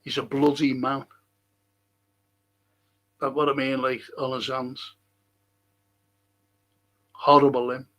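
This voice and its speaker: A man's voice: medium pitch, little pitch movement, takes it slowly, long pauses, fairly bright tone. A man, older, hosting a podcast in casual rambling talk and chuckling through his stories. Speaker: podcast host.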